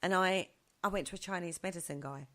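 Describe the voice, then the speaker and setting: A woman chatting in a radio studio, telling stories in a lively way and acting out what people said. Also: fairly low pitch, quick pace. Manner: chatty storyteller who acts out quotes, often laughing. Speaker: studio guest. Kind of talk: casual radio chat. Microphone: studio microphone.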